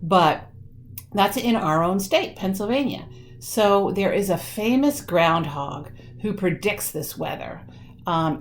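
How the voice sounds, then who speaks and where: A woman leading a children's craft lesson from home, explaining things slowly and warmly for kids, with many pauses and ums. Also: lowish voice, slight background noise.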